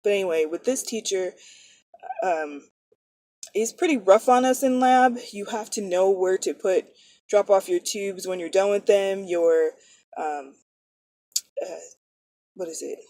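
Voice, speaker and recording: A woman's voice: mid-range voice, unhurried, long pauses, warm tone, no echo. A woman in her thirties, a nursing student, chatting casually and rambling, often correcting herself mid-sentence. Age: 30s. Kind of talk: casual chat.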